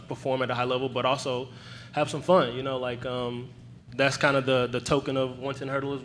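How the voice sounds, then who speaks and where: A man's voice: mid-range voice, a bit bright. A young man, a hurdler, answering at a press conference in a laid-back, joking, slangy way.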